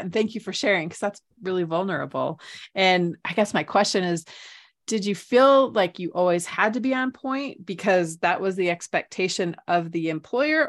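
A woman hosting a podcast, affirming her guest and asking long, careful questions. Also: lowish voice. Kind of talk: interview question.

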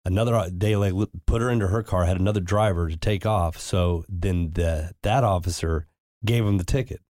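Very deep, dark-voiced man telling anecdotes. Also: no echo, clean studio sound. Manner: anecdotal, halting restarts. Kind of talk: casual chat.

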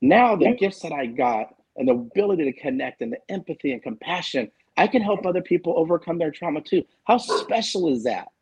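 A man's voice: fairly high pitch, sing-song, brisk, hardly any pauses, darkish tone, husky, dull audio. A man in his forties talking candidly and emphatically in a casual panel chat, swearing freely as a guest author. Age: 40s.

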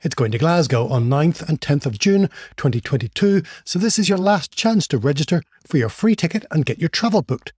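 Upbeat male podcast host, fairly high. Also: animated, fairly quick, few pauses, a little mellow, breathy edge, dry recording, studio quality. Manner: upbeat, friendly, jokey. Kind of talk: podcast intro and interview chat.

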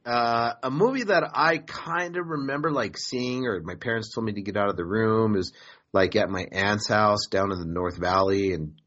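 A man's voice: lowish voice, normal speed, fairly bright tone, dull audio. A man hosting a podcast in a casual, profane, joking way, rambling between topics. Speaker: podcast host.

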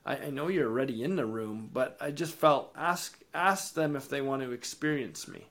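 A man, podcast co-host and ministry founder, telling a faith testimony with lively rises in energy and frequent word repeats. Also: moderate pace. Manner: animated, rises in pitch and energy when excited; repeats words and restarts sentences. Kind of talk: storytelling testimony in an interview.

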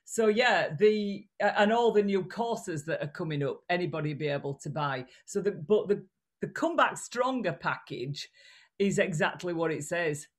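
A woman's voice: on the low side, moderate pace. A woman with a regional British accent, a communication coach speaking as a guest in a casual interview over a video call, blunt and chatty. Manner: animated, blunt, chatty with restarts.

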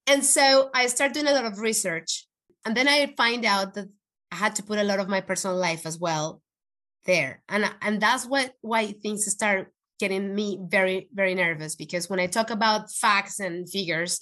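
A woman appears as a guest on a conversational podcast interview, telling an emotional personal story. She speaks earnestly and with animation at a normal pace in a mid-range voice, often restarting her sentences.

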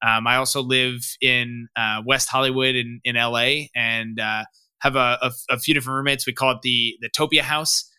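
A man's voice: medium pitch, fairly even intonation, moderate pace, bright, forceful tone, clear, resonant tone, dry recording. A young adult man, a startup founder, talking openly on a podcast and padding his sentences with "you know.". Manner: rambling, frequent "you know" fillers; open, candid. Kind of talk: casual podcast interview.

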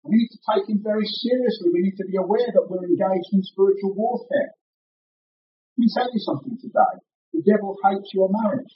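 A man's voice: sits high, a little hiss or hum. A man preaching a sermon, earnest and emphatic, often repeating and restarting his words. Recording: roomy, distant, dull mic.

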